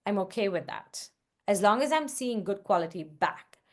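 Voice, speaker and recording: A woman's voice: medium pitch, expressive, moderate pace. A woman answering questions on a video call in a casual, practical way, with frequent "like" and "um". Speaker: guest investor.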